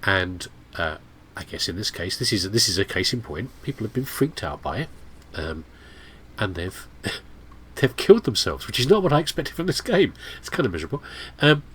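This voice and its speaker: A man with a cold commentates on a game, sounding nasal and blocked up. His voice is low and a little husky, and his pitch swings widely as he rambles through chatty asides. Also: very animated, fairly quick, a bit bright. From United Kingdom. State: has a cold. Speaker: gameplay commentator. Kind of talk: casual let's play commentary.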